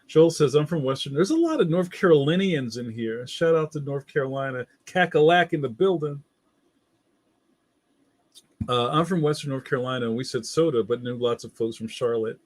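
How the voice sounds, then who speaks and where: A man's voice: medium pitch, animated, moderate pace, a little mellow, no room sound. Playful slangy man, dry close mic. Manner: playful, slangy, laughs often. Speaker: livestream host. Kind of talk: casual chat reading viewer comments.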